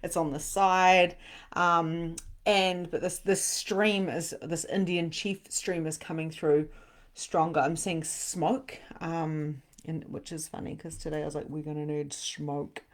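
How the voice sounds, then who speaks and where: This middle-aged woman, a medium, hosts a relaxed live-stream where she channels spirits. Her fairly low voice runs a little slow, punctuated by frequent laughter and abrupt, excited outbursts.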